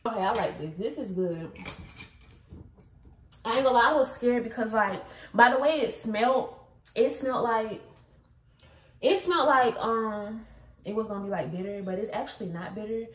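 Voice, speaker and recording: A woman, chatting casually to her vlog audience, animated and full of "like" and "y'all". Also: a little high, moderate pace, long pauses. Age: 20s. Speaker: vlogger. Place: at home, later in a car.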